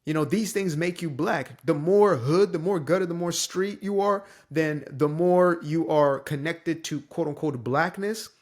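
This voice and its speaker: A man's voice: on the high side, measured pace, few pauses. A young man from the Bay Area giving a casual, emphatic, preachy opinion monologue as a commentator. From San Francisco Bay Area.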